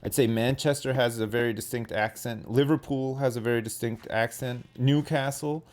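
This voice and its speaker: A man's voice: medium pitch, normal speed. A man with a British accent chatting casually on a gaming stream, rambling and correcting himself as he explains. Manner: rambling, lively, self-correcting.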